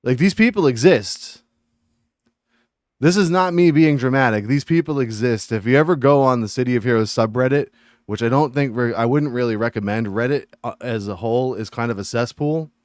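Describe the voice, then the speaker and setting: Smooth-voiced man ranting on a live stream. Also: medium pitch, a little fast, no echo, clean studio sound. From Massachusetts. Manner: animated ranting, reading chat aloud. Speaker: game streamer. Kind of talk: casual live-stream chat.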